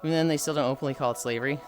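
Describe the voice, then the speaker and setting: A woman streamer chatting casually, thinking aloud with frequent sighs and reading chat aloud. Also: very deep voice. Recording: faint music behind.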